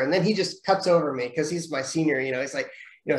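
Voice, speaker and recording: Brief: male martial arts instructor, slightly high voice, animated storyteller, roomy echo. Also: fast talker. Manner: animated storyteller, acts out quotes. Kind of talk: casual podcast conversation. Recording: echoey room.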